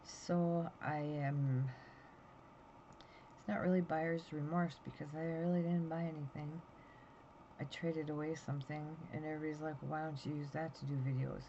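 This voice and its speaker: A woman's voice: deep voice, little pitch movement, moderate pace, dark tone. A woman in her fifties rambling anxiously through a story as she chats to her phone camera, tired and yawning. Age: 50s. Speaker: vlogger. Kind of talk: casual chat to camera. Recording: dull lo-fi sound with faint noise.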